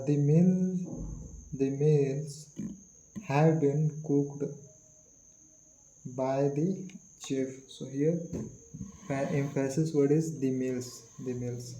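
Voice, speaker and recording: A man with an Indian English accent teaching English grammar, speaking slowly, repeating words and phrases, with many fillers. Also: mid-range voice, warm tone. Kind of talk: slow classroom explanation. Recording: echoey room.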